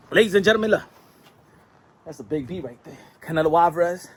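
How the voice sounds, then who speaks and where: A man hosting a casual boxing commentary vlog, animated, slangy and joking. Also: on the high side, breathy edge.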